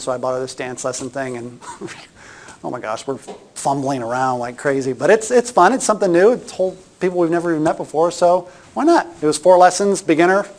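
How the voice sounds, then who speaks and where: A middle-aged man giving a casual workshop talk, chatty and anecdotal, often restarting his sentences. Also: a little high. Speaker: workshop presenter.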